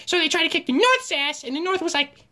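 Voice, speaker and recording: A woman's voice: very high-pitched, lively intonation, quick pace, bright, forceful tone, heavily acted. A woman voicing a goofy cartoon giraffe who teaches history in an offhand, crude way, full of fillers and swearing. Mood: flippant. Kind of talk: comedic cartoon narration.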